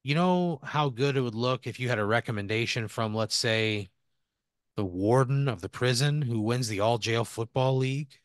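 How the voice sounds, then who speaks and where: A man's voice: medium pitch, moderate pace, no echo, close to an everyday voice. A man voicing a scheming male prison warden who pushes and coaxes in an everyday voice, recorded on a dry close mic. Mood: persuasive. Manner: wheedling, leaning in to pressure.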